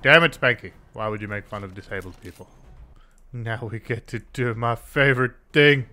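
A man giving crude, excitable commentary over a video game playthrough, taunting the characters and cheering loudly. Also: mid-range voice, normal speed. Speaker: gameplay commentator.

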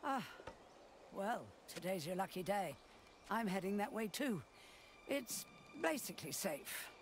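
A woman's voice: mid-range voice, big pitch swings, a little slow, a little hiss or hum. Granny Xena, a bossy foul-mouthed old woman. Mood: gruff. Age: older. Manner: brash, bossy, swearing.

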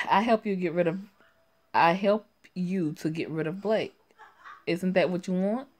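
Sassy low-voiced woman reading a story game. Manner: sassy, profane and quick to laugh. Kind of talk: casual game commentary and reading aloud.

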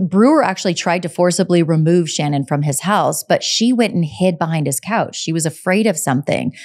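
A podcast host with a lowish, slightly mellow voice recounts a true crime case casually and conversationally. She hedges often and adds her own take along the way.

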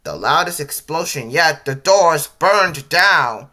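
A man reading out a homemade story, halting and stumbling over his words. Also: on the high side, big pitch swings, bright, forceful tone.

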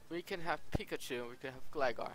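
Excitable man narrating gameplay. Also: on the high side, fast talker, a little hiss or hum. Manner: excitable, exclaims often, bursts into laughs. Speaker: Let's Play gamer. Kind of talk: casual gameplay commentary.

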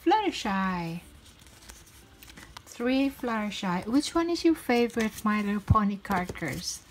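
Here the unboxing channel host, a young woman, has a medium-pitched voice with big swings in pitch, talking a little slowly in a chatty, giggly, upbeat way. The low-quality recording carries a little hiss or hum, and packaging crinkles and clicks throughout.

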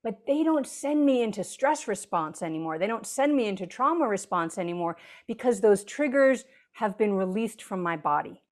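A woman's voice: medium pitch, animated, moderate pace, hardly any pauses, a little mellow. A woman author as an interview guest, explaining earnestly and now and then acting out quoted voices. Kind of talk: conversational interview.

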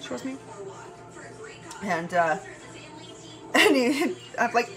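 Woman vlogger, tired, casual and foul-mouthed, rambling at home with loud music behind. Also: a little high, very animated, drawn-out words. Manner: chatty, profane, meandering, often laughing. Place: her bedroom at home. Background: music playing.

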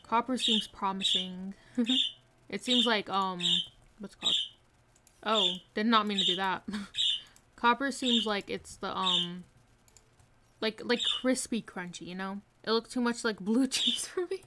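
A woman's voice: mid-range voice, a little slow, long pauses. A woman streaming a video game live, chatting casually, talking to herself and reading chat, often giggling. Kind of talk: casual live gameplay commentary. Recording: faint noise with mouse clicks and typing.

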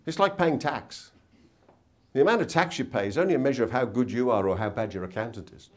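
Brief: male seminar speaker, lively pitch, storytelling, tag questions, hotel conference room. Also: fast talker. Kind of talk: motivational talk with anecdotes.

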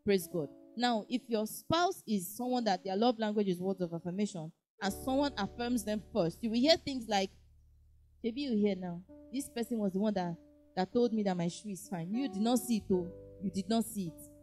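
A woman preaching in a lively way, acting out little dialogues and often saying "praise God". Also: medium pitch, moderate pace, faint music behind. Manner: animated, acts out dialogue, frequent "praise God". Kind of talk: lively sermon teaching.

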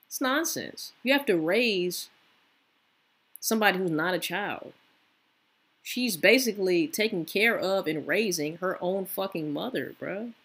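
A woman's voice: lowish voice, expressive, unhurried, fairly bright tone, husky. A woman hosting a reaction video, giving blunt, sympathetic commentary. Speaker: reaction channel host.

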